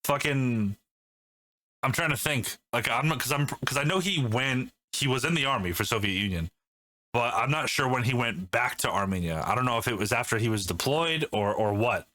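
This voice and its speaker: A man co-hosting a casual podcast, with a bright, forceful voice at an ordinary pitch. He laughs easily, swears often and pushes back in joking banter. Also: expressive, moderate pace, no room sound. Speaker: podcast co-host. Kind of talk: casual chat.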